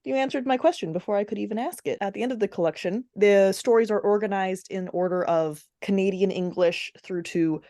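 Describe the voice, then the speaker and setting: A woman's voice: medium pitch, fairly quick, few pauses, mellow. A woman hosting a podcast interview, asking a guest author questions. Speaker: podcast host.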